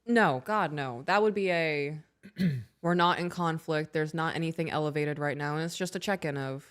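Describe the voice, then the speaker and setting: A woman in her thirties co-hosting a casual podcast, reading aloud and telling animated stories about her kids. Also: sits low, moderate pace. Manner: animated storyteller, acts out her own raised voice. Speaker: podcast co-host.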